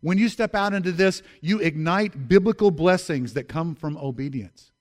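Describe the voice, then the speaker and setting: Emphatic man preaching, slightly high voice. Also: normal speed, a little mellow. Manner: emphatic, repeats key phrases, appeals to the congregation. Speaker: pastor. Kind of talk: sermon.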